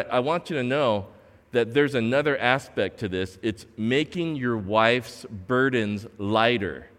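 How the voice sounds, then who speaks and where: A man preaching a sermon as pastor, driving points home with emphatic repetition and rising to shouts at the peaks. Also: medium pitch, big-room sound.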